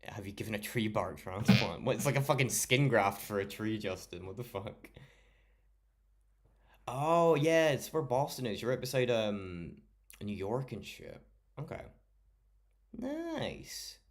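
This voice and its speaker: Low-voiced streamer man, swearing freely. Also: expressive, normal speed. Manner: swears a lot, chatty, talks to chat by name. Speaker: livestreamer. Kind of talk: casual late-night stream chat.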